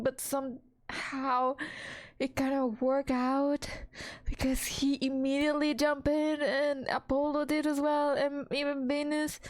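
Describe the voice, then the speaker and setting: A woman's voice: sits high, no echo. A young woman streamer reacting emotionally to a game, gushing and slangy. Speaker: gaming streamer.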